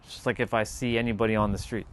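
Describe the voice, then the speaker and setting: A man's voice: fairly low pitch, level tone, racing, fairly bright tone, clean tone. A man chatting casually on his live stream, laid-back and rambling as he talks straight to his viewers.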